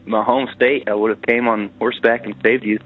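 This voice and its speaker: A man's voice: mid-range voice, level tone, moderate pace, phone-quality sound. A man from Kentucky calling in to a web show, friendly and joking. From Kentucky, USA. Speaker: caller.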